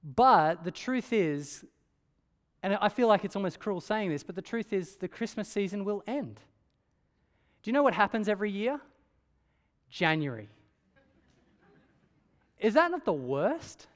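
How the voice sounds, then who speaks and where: A man's voice: high-pitched, sing-song, a little slow, pauses often. A man preaching a sermon in a conversational way, often asking rhetorical questions. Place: church hall. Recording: long church-hall reverb.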